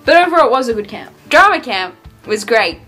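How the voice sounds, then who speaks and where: A woman's voice: on the high side, very animated, brisk, pushed and bright, faint music behind. Chatty Australian young woman vlogger. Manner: chatty, rambling with many "like" fillers. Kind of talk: casual chat.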